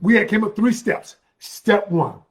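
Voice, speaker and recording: A man giving an emphatic motivational talk as a relationship coach, repeating phrases and bursting into loud, heated stretches. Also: high-pitched, animated, unhurried.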